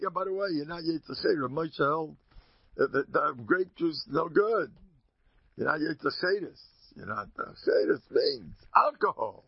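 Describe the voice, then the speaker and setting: Gravelly man giving a lively Torah class. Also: normal speed, no room sound. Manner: jokey, acts out quotes with sudden high squeaks and mutters. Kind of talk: animated Torah lecture with storytelling. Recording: dull lo-fi recording.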